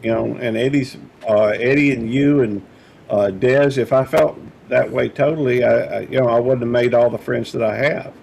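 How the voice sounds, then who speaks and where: A man in a casual chat, speaking haltingly and earnestly, with lots of fillers and restarts. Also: mid-range voice, steady tone, gravelly, darkish tone, breathy edge.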